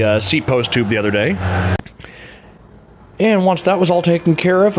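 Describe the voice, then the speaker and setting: A man with a slightly raised pitch talks through his workshop project in an easygoing, offhand way, filling pauses with "uh" and "um" and laughing lightly at himself. Faint workshop ambience sits behind his voice. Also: slight background noise. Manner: laid-back, chuckles often, many fillers. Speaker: hobby frame builder and vlogger. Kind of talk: casual workshop narration.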